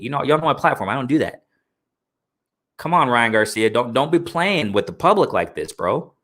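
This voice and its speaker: Male live-stream boxing host: fired-up rant, very animated pitch, sharp bright tone. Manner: heated, repetitive, slangy, talks to chat. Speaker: boxing talk show host.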